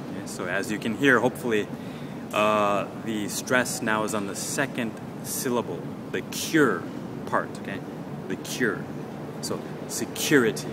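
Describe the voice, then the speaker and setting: A man hosting an English lesson podcast, patiently repeating words slowly for learners. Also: fairly low pitch, noisy background. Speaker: English teacher and podcast host.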